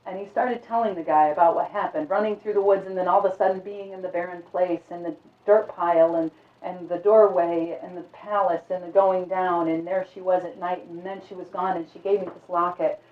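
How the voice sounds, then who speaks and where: Woman telling a dark tale, tinny and distant. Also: fairly low pitch, steady tone, a little fast. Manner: conversational, vivid. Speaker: storyteller. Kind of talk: oral storytelling. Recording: echoey, distant, phone-like sound.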